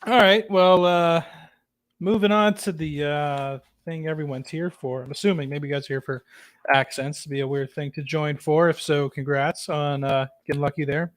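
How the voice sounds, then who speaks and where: Male podcast host, higher-pitched, casual and rambling. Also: steady tone, normal speed. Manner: chatty, rambling with many fillers. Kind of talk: casual chat.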